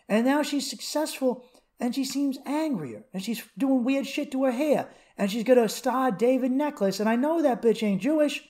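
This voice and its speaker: A man in his thirties hosting a comedy podcast alone, rambling through profane, animated stories and rants. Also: extremely high pitch, normal speed. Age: 30s. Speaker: podcast host. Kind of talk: comedic solo podcast rant.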